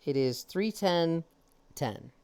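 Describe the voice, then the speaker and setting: A young adult woman streaming and chatting casually, telling stories with lively acted-out quotes. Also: low-pitched, takes it slowly, smooth. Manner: animated storyteller, acts out quoted characters. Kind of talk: casual chat.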